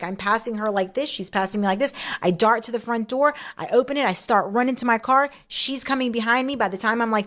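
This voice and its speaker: A woman telling a story in an animated, vivid way, in casual talk. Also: on the high side.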